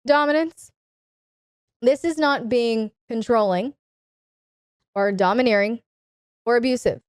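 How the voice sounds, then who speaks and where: A woman with a fairly high, smooth, clear voice gives advice on a live stream, slow and measured. She speaks with commanding authority and leans on words for emphasis. The sound is close and dry. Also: no room sound. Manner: commanding, deliberate, instructive emphasis. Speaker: dominatrix coach hosting a live Q&A.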